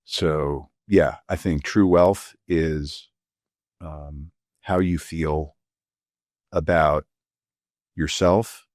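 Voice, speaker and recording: A middle-aged male physician speaking in an interview, earnest and halting, searching for words and sometimes emotional. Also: a bass voice, a little mellow, no echo, studio quality. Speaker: physician guest. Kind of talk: reflective interview conversation.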